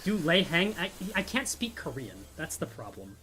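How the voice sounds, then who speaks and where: A man's voice: a little high, sing-song, normal speed, bright, forceful tone. A man streamer chatting casually, reading chat aloud and joking. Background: faint music.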